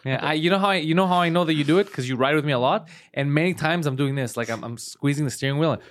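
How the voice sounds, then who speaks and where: A man co-hosting a comedy podcast, telling stories fast and acting out mocking impressions of his friend. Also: fairly high pitch. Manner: fast, animated storyteller who acts out mocking impressions. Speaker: podcast co-host. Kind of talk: casual comedic banter.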